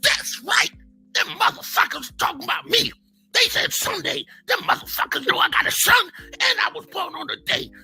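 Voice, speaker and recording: A woman voicing a foul-mouthed, furious male hothead who rants and shouts profanity. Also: very high voice, expressive, normal speed, vocal fry, soft background music, heavily acted.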